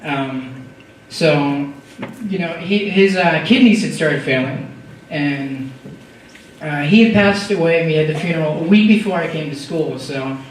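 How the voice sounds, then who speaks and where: A teenage boy giving a heartfelt, halting speech to his school, full of "you know" fillers. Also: fairly high pitch. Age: teens. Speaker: student giving a farewell speech. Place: large school hall or auditorium. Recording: echoey distant hall mic with noise.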